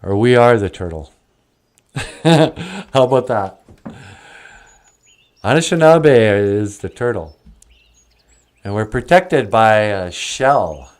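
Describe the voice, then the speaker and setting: A man hosting and telling traditional stories in a slow, musing, casual way, laughing often. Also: on the low side, animated. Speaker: storyteller and host. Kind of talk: casual storytelling.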